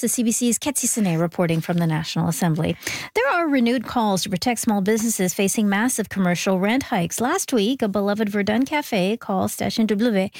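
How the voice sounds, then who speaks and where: A woman anchoring a radio newscast, reading in a brisk, measured way. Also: on the high side, no room sound. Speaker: news anchor.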